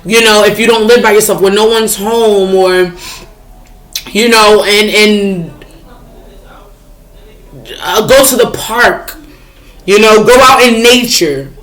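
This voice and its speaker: A woman speaks at a medium pitch with a fairly bright tone, moving slowly and leaving long pauses. She's a tarot reader chatting casually with her viewers about spiritual matters, frank and talkative, cursing freely and often checking in with "you know what I'm saying?"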